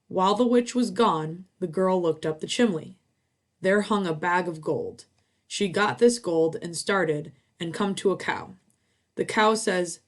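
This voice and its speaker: A woman telling a traditional folktale in a plain, unhurried way. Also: on the low side. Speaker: storyteller.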